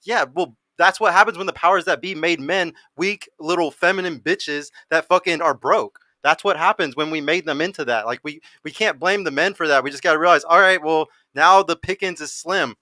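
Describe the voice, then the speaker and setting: A man's voice: a little high, brisk, hardly any pauses, sharp tone, no room sound. A man co-hosting a casual podcast chat, blunt and profane. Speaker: podcast host.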